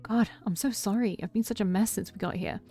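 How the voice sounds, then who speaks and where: A woman voicing a troubled young man who confesses a past killing, read in a quiet, heavy tone with a gravelly edge. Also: medium pitch, fairly quick, faint music behind, natural voice. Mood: subdued.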